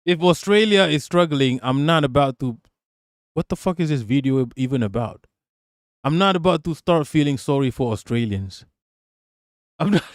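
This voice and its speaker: A man's voice: medium pitch, no room sound, clean studio sound. A man live-streaming, reacting to a video and his chat in brash, profane casual talk.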